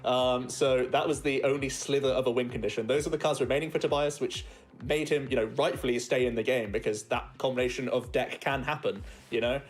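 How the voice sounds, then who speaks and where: A man with a mid-range voice co-commentates a competitive card game. He sounds relaxed and laughs lightly as he breaks down each play. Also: medium pitch, a little fast. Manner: relaxed, chuckles often while explaining.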